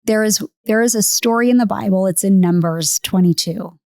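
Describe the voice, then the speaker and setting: A woman's voice: medium pitch, moderate pace, darkish tone, no echo. Earnest woman podcast host, dry sound. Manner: earnest, retells with acted quotes. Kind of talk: casual storytelling.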